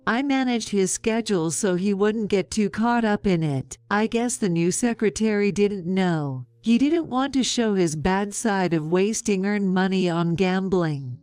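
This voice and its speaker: Woman in her 50s reading a story, slow and calm, smooth clear voice, dry sound. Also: medium pitch, no room sound. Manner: calm, measured, sarcastic. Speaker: narrator. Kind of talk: scripted story narration.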